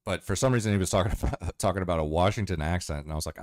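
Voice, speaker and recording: Male streamer host, very low voice, dry close sound, profane off-the-cuff chatter. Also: racing, no room sound. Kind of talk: casual chat with viewers.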